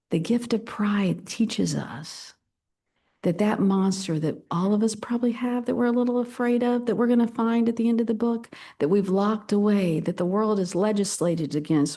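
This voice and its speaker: A woman's voice: mid-range voice, mellow. An older woman pastor delivering a sermon in a playful, dramatic and emphatic way.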